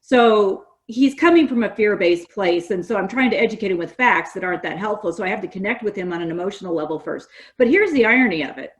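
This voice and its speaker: Animated middle-aged woman telling stories. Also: medium pitch, fast talker, few pauses. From California. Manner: animated storyteller, quotes others in lively voices. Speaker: guest, gas industry association representative. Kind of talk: conversational podcast interview.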